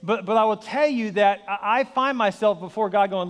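Male pastor, forties, quick high voice, joking sermon in a reverberant church. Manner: energetic storytelling with acted voices and self-deprecating humor. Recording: long hall reverb.

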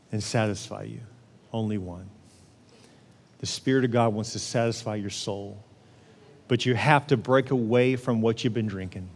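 Preaching man in an echoing hall. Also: medium pitch. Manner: conversational, acts out prayers in an animated voice. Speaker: pastor. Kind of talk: sermon. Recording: long reverb of a large hall.

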